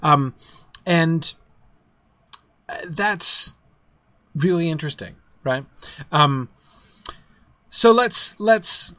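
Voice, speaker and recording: A man's voice: fairly high pitch, expressive, very slow, long pauses, pushed and bright, dry recording. A man hosting a casual livestream book discussion, rambling with restarts and speaking with enthusiasm.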